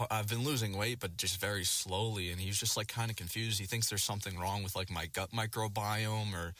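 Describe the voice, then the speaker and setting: A man's voice: sits low, sharp tone, no room sound. A young man ranting casually to his viewers, rambling and swearing a lot with plenty of filler words. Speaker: vlogger. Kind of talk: casual rant to camera.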